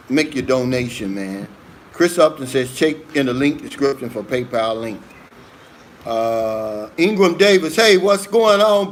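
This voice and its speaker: A man hosting a livestream, casually reading out viewer comments in a relaxed way, often saying "man.". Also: a little high. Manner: relaxed, says "man" a lot, many fillers. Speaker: livestream host.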